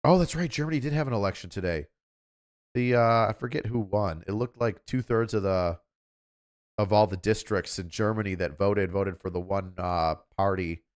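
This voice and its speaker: A man's voice: lowish voice, moderate pace. A man hosting a livestream, chatting casually in a rambling, offhand way. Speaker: livestream host.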